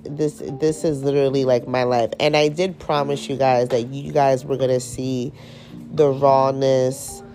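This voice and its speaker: A woman with a low voice hosts her own podcast, talking in a loose, rambling way full of slang and casual swearing. Faint music plays quietly behind her. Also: flat delivery, a little slow. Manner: candid, slangy, swears freely, rambling storyteller. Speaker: podcast host. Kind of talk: casual unedited podcast chat.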